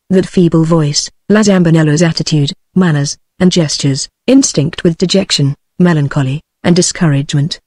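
A text-to-speech woman's voice with a British English accent, reading a classic novel aloud in an even synthetic manner. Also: lowish voice, no room sound, clean studio sound. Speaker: narrator.

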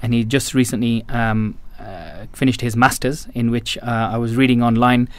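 A man's voice: medium pitch, steady tone, normal speed, dry recording. Hesitant British-raised male podcast host. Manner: hesitant, many fillers and restarts. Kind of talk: podcast interview introduction. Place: Birmingham.

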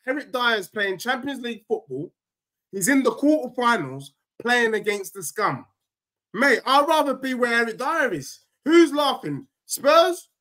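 Excitable young lad, high and swinging voice, arguing hard on a football chat show. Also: male voice. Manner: animated, emphatic, ranting with rising outbursts. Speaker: football podcast co-host, fan. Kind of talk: casual football debate.

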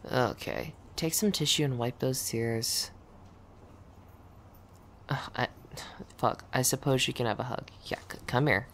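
A woman's voice: very deep voice, slow, long pauses, a little hiss or hum, full character voice. Woman playing a blunt, sarcastic office coworker. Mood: grudgingly tender. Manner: dry, dismissive teasing that turns grudgingly gentle. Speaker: audio role-play performer. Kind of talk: scripted audio role-play.

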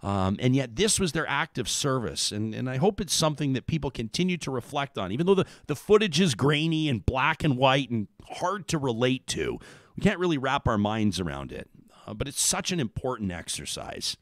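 A man's voice: medium pitch, sing-song, brisk, no echo, studio quality. A middle-aged man hosting a talk radio show, rambling thoughtfully with frequent restarts. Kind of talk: casual talk radio chat.

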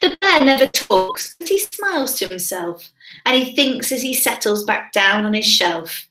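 A woman teacher reads a picture book aloud to young children, her bright, high voice swooping in a sing-song way as she pauses to quiz them. She takes her time, and the recording sounds roomy and echoey. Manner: sing-song, expressive, asks children questions. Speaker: primary school teacher. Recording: roomy echo.

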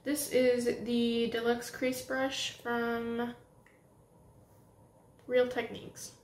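A young woman doing a casual makeup tutorial at home, gushing and excitable as she talks while applying makeup. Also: on the high side, extremely slow, a little hiss or hum. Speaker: beauty vlogger. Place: home room with setting sunlight. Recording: roomy home recording with faint ambience.

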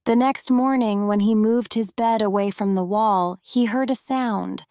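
Slow, deliberate woman storyteller. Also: medium pitch, warm tone, no echo. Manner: clear, deliberate. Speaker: narrator. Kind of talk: slow scripted story narration for English learners.

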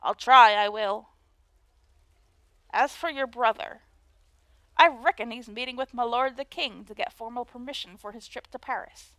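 A woman voicing a very old male castle guard with a put-on Cockney accent, gruff, foggy but capable. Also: a little high, moderate pace, pauses often, pushed and bright, no echo. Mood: weary.

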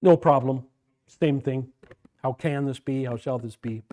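A man's voice: mid-range voice, measured pace, mellow. A man leading a Bible study class, questioning his students and repeating phrases as he works through a passage.

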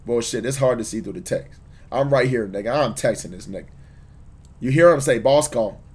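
A man's voice: mid-range voice, a little fast, a little mellow, slightly rough. Laid-back man reacting on stream. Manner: laid-back, profane, slangy, talks to chat. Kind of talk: casual reaction commentary.

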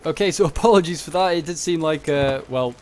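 A young man giving casual commentary on a strategy game, thinking aloud and muttering quick reactions. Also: fairly high pitch, a little mellow, a little hiss or hum. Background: background music.

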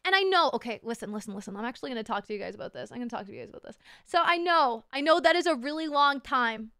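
A young woman livestreaming as a VTuber, chatting with her viewers in an excitable, playful way, swearing and laughing often. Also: sits high, very fast, clean tone, no room sound, clean studio sound. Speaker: VTuber streamer. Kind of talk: casual livestream chat.

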